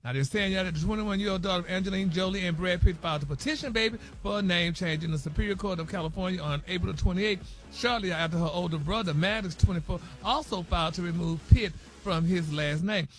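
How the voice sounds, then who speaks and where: Sassy high-voiced man dishing gossip. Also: fast talker, soft background music. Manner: sassy, sprinkles honey, y'all and baby everywhere. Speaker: radio show host reading celebrity news. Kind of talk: gossipy morning radio chat.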